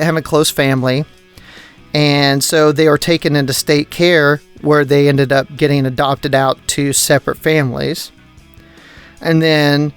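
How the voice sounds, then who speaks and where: A man with a fairly high, smooth, clean voice hosts a casual podcast, rambling through stories and swearing constantly. He slides into exasperated rants. Faint music plays softly behind him. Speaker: podcast host. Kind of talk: profane casual storytelling.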